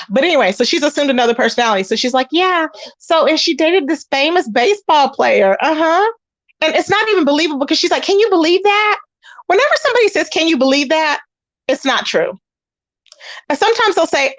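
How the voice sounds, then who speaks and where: A woman hosting a casual commentary channel, animated and sassy, talking straight to her listeners about online drama. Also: high voice, dry recording. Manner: animated and sassy, calls listeners y'all and baby.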